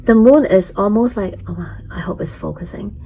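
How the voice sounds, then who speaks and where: A woman giving a casual astrology forecast and tarot reading, gentle and chatty, with many fillers and frequent giggles. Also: medium pitch, normal speed, gravelly, slight background noise, low-quality recording. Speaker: astrologer and tarot reader, channel host.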